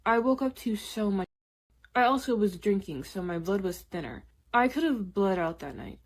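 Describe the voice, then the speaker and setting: A woman's voice: mid-range voice, animated, moderate pace. A young woman casually telling her own story in the first person, candid and chatty, with frequent "like" and "literally". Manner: candid, conversational, many "like" and "literally" fillers.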